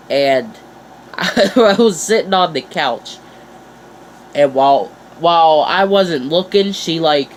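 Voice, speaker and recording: A teenage boy vlogging in a casual, chatty way, playful and animated, jumping up in pitch for emphasis. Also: a little hiss or hum. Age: teens. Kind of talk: casual chat to camera.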